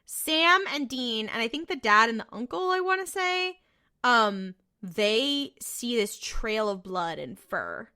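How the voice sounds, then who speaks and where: Bright-voiced woman recapping casually. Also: on the high side, lively intonation, slow, clean tone. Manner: laughing, profane storytelling. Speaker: podcast co-host.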